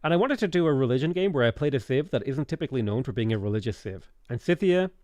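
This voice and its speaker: A man's voice: mid-range voice, expressive, quick pace, darkish tone, no room sound. A man with an Irish accent, casually chatting on a live game stream, rambling as he reads out and answers viewers' questions.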